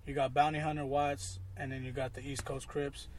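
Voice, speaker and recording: A man's voice: mid-range voice, little pitch movement, brisk, slight background noise. A man guesting on a casual podcast in a car, goofy and self-mocking, rambling with lots of "like"s. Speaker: guest, school worker. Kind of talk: casual chat. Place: inside a car.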